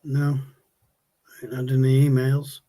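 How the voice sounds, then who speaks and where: A man's voice: mid-range voice, monotone, a little slow, mellow. A man, hosting a casual livestream and rambling as he answers viewer chat. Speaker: livestream host.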